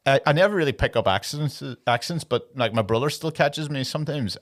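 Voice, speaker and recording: A man's voice: mid-range voice, lively intonation, moderate pace. Male comedian co-host, easygoing banter, swears a lot, laughs mid-story. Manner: laid-back, swears freely, laughs through stories. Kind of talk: casual comedic chat.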